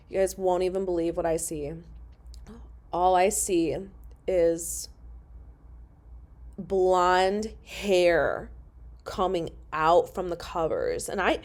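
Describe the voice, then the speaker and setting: A woman's voice: lowish voice, a little mellow. A woman telling a personal story to her viewers in a casual, emotional way, swearing freely and talking straight to them. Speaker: storyteller vlogger.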